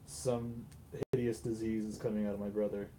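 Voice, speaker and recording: A man's voice: on the low side, level tone, normal speed, warm tone, slight background noise, rough recording. A man playing a tabletop game, talking casually, hesitant and chuckling. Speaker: player.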